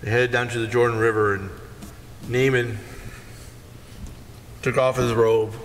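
A man preaching a sermon and retelling a Bible story with animated storytelling, acting out the characters. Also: medium pitch, measured pace, long reverb tail, slight background noise. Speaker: pastor.

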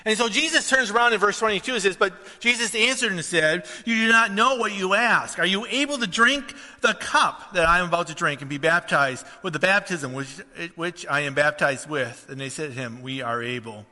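A man's voice: high-pitched, normal speed, few pauses, pushed and bright. A man preaching a conversational sermon, telling a story and then rising to emphatic questions. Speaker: pastor. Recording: reverberant hall.

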